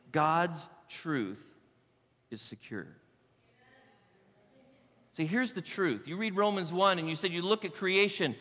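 A man preaching from the pulpit with a high, sharp voice, hammering key points and then easing into quiet asides. His handheld mic carries into a church hall with a long, ringing reverb. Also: lively intonation, slow, pauses often. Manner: emphatic preaching, drops to soft asides. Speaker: pastor. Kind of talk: sermon. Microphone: handheld microphone.

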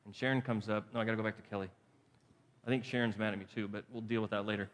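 Preaching in a conversational style, this pastor races along in a fairly low, steady voice, repeating phrases to drive them home and posing rhetorical questions to his listeners. A long hall reverb surrounds the recording.

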